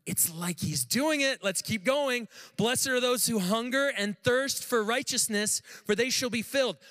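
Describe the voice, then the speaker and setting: A young adult man, a pastor, preaching an animated sermon and asking his listeners questions. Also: very high voice.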